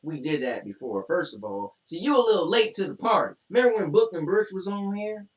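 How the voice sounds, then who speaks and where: A man's voice: high voice, animated, fairly quick, recorded from a distance. A man with a drawl trades banter as co-host, reading questions aloud and spinning boastful, joking tall tales. He sits away from the mic, and the room echoes around his voice. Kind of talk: casual chat reading questions.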